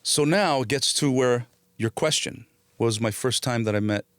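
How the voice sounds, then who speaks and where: The clip features an actor guest, a middle-aged man born in Italy and brought up in New Jersey, recounting a story in an informal interview. He's animated, plays out the quoted voices, and swears liberally, talking at a moderate pace in a medium pitch. It's studio quality with no echo.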